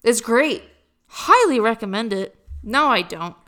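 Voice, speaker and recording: Bright, smooth-voiced chatty young woman. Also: fairly high pitch, lively intonation, measured pace. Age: young adult. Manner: rambling, self-deprecating, lots of fillers. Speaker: college student vlogger. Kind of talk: casual chat.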